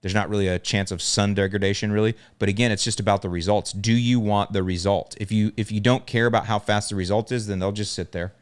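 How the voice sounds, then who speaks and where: A man from the American South hosts a podcast and talks plainly, driving his points home by repeating them. His voice sits low and comes across smooth. The sound is dry and close to the mic. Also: steady tone, fast talker, hardly any pauses, dry recording. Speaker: podcast host answering lawn care questions. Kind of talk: casual podcast talk.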